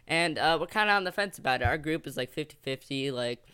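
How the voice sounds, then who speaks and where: A teenage guy tells a story to his channel in a rambling, excitable way, full of fillers. His voice sits a bit high and comes through smooth and clear. The sound is dry and close, with no room behind it. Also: quick pace, no echo. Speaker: gaming channel host. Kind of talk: story time narration over gameplay.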